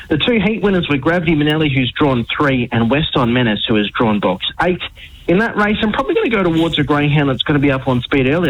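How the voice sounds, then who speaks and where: Upbeat Australian racing tipster. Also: male voice, mid-range voice, dull audio. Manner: upbeat, rattles off names and prices. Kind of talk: racing tips on radio.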